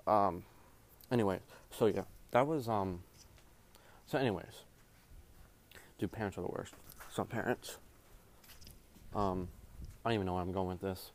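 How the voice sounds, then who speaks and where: A man's voice: deep voice, unhurried, pauses often. A young man, a jiu-jitsu referee, ranting in a casual, rambling way, full of swearing and slang. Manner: profane, rambling, heavy slang.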